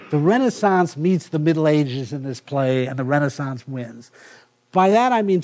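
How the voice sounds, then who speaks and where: A middle-aged male professor giving a university lecture, halting with many filler sounds and restarts and reading passages aloud. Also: a little high, a little mellow. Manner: reads passages aloud from the text.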